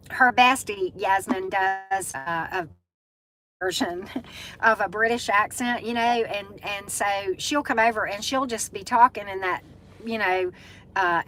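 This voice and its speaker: Casting: middle-aged Southern US woman, chatty live-stream host, bright tone, easygoing pitch. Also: slight background noise, low-quality recording. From Southern United States. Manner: chatty, greets viewers by name, many fillers. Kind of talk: casual live-stream chat.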